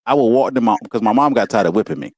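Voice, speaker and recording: A man telling stories about his school days in a relaxed, casual way, often laughing and saying "you know what I'm saying". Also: mid-range voice, racing, dry recording. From Walterboro, South Carolina. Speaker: guest. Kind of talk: casual storytelling. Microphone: video call.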